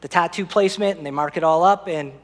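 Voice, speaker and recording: A man's voice: a little high, fast, long reverb tail. A man preaching a sermon as pastor, telling a personal story and speaking directly to the congregation.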